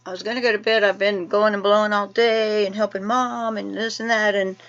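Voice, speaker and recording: A woman's voice: mid-range voice, steady tone, brisk, fairly bright tone, dull audio. A woman chatting casually at an online open mic, friendly and rambling. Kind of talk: casual chat.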